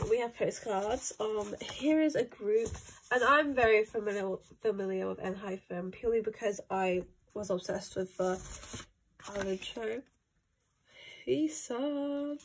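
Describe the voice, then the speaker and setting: Excitable young woman unboxing, lively voice. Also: fairly high pitch, slight background noise. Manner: excitable, gasping and exclaiming over each item; chatty, thinks aloud with many "like"s. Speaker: channel host. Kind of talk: casual album unboxing chat.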